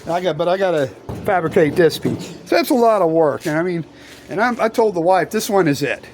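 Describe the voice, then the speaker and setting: A man's voice: sits high, expressive, a little fast, darkish tone, soft background music. An older retired man talking casually about his plans, folksy and meandering, with lots of fillers and restarts, next to an old truck in his workshop. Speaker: retired vlogger. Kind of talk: casual rambling chat.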